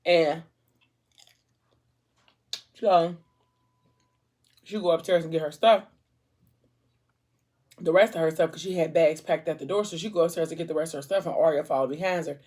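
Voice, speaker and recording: Chatty woman retelling a story, low voice. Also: normal speed, pauses often, a little mellow. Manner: chatty, retells scenes with lots of "like". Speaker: vlogger retelling a book's plot. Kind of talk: casual storytelling over a snack. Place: at home, eating a fruit tray.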